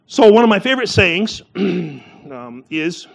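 A man giving a sermon in a loose, conversational way, full of fillers and restarts, who jumps up in pitch when he acts out the people in his stories. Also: very animated, slow, gravelly. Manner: acts out quoted voices with a sharp rise in pitch. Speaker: preacher.

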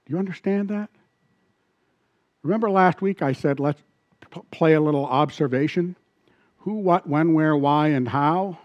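A man preaching a sermon as pastor, animated and asking the congregation questions. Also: on the high side, moderate pace, pauses often, no room sound, highs cut off.

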